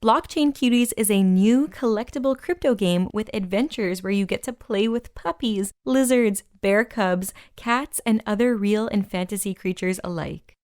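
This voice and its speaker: A woman's voice: medium pitch, a little mellow, no room sound. Woman reading podcast news, dry close sound. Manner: brisk scripted read of announcements and lists. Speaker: podcast host. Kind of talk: reading a weekly news roundup.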